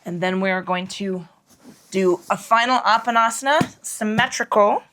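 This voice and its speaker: A woman's voice: mid-range voice, a little slow, fairly bright tone. Profane, frank woman yoga teacher. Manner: profane, frank and playful while cueing breath. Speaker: yoga instructor. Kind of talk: guided yoga class instruction.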